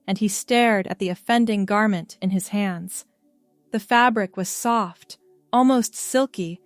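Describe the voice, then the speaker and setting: Brief: woman storyteller, mid pitch, steady read, dry close sound, faint music. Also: dry recording. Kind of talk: scripted narration.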